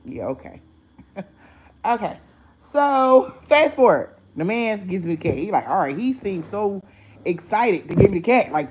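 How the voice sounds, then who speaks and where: A woman's voice: mid-range voice, normal speed, slight background noise, poor audio. A woman vlogger, telling a story casually to her viewers, acting out the voices in it and swearing freely. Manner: animated, acts out voices in quotes, swears freely.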